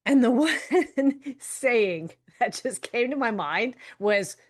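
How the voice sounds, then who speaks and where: A woman hosts a solo health-coaching podcast in a chatty, frank style, laughing often, swearing casually and drawing out words for emphasis. Her voice is fairly high and animated, and she takes her time.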